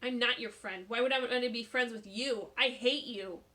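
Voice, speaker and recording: A woman voicing an upset young schoolboy who shouts and whines. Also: fairly high pitch, moderate pace. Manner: shouting, whiny. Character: upset boy schoolkid, angry and hurt.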